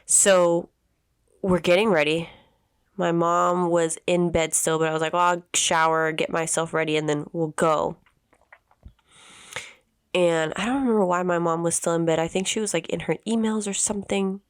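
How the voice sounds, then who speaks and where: A woman in her thirties, a podcast host telling a personal story in an emotional, halting way with many restarts. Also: lowish voice, flat delivery, smooth, no room sound, clean studio sound. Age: 30s.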